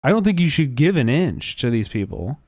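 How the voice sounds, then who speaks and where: A man hosting a livestream, talking casually in an animated, profane, rambling way with many restarts. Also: medium pitch, moderate pace, no echo, clean studio sound. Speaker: livestream host. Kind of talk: casual reaction chat.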